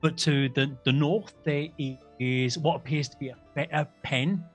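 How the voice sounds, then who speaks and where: A man's voice: on the high side, steady tone, a little slow, soft background music. A man narrating a tabletop game as game master, rambling and correcting himself as he goes. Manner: rambling, self-correcting, jokey.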